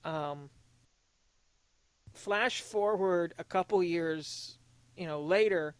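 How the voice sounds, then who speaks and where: A young man on a casual podcast, talking in an earnest, confessional way, halting and restarting often. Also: high voice, clean tone, no room sound. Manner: emotionally open, confessional. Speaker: podcast co-host.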